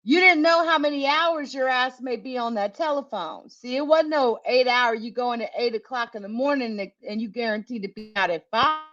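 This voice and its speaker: A middle-aged American woman who hosts a tech channel shares a candid, profane story from her working life in casual conversation, laughing often. Her voice sits on the high side with a fairly bright tone, moving a little fast with hardly any pauses, captured on a dull lo-fi recording.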